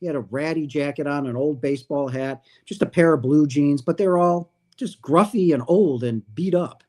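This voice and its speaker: Animated man telling a spiritual story. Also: a little high, moderate pace. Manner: animated, acts out quoted dialogue. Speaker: livestream host.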